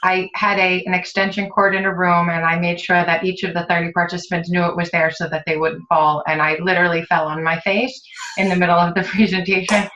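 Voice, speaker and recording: A woman co-hosting a webinar, giving practical reminders in a steady way, with fillers, over a video call. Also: fairly low pitch, a little fast, muffled recording, a little hiss or hum. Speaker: webinar co-host. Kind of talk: casual webinar announcements.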